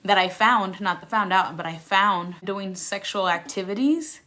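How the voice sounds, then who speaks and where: A young woman recounts her own story for her viewers in a casual vlog voice, candid and emphatic. She leans on "like" and "you know" all through her talk. Her level swings from loud outbursts down to soft, almost whispered stretches. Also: medium pitch, measured pace. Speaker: vlogger.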